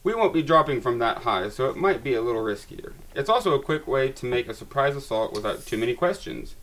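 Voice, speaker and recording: A man's voice: medium pitch, lively intonation, brisk, few pauses, a bit bright, slight background noise. A man reading a tabletop game's story aloud to his friends, with dramatic narration. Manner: dramatic narration, laughs at himself. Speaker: narrator and reader of a tabletop game.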